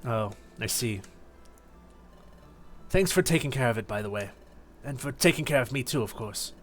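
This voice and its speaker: A man's voice: medium pitch, animated, normal speed, faint music behind, close to an everyday voice. A man voicing a young male ghost creature from a game, hesitant and polite, close to his own voice. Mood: unsure. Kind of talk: voicing game dialogue on stream.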